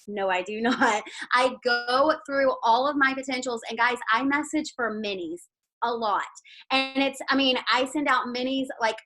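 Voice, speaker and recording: Bright-voiced chatty woman. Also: fairly high pitch, moderate pace, faint music behind, rough recording. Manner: chatty, lots of "like" and "guys". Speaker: team leader giving sales tips. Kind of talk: casual motivational pep talk on a video call. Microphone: video call.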